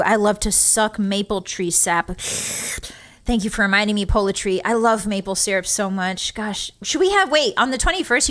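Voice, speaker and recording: A woman's voice: medium pitch, fairly bright tone. A young woman streamer chatting casually with her live audience, emotional and giggly as she talks and reads chat.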